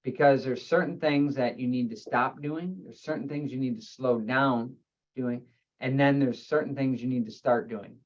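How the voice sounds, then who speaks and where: A man who works as a chiropractor, giving a health webinar presentation and explaining terms in steady lists. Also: mid-range voice, normal speed, lo-fi sound.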